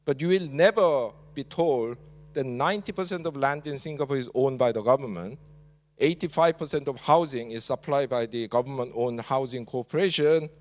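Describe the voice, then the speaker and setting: A man from South Korea with a Korean accent gives a university lecture in English. He talks with many "uh" fillers and ends points with a questioning "yeah?". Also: medium pitch. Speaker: guest lecturer. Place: large lecture hall. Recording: reverberant lecture hall.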